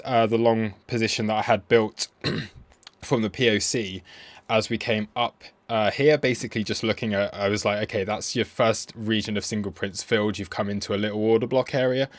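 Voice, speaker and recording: Relaxed man rambling through chart analysis. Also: on the low side, no room sound. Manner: relaxed and rambling, with frequent ums and restarts. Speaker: crypto trading streamer. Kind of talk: casual livestream chart commentary.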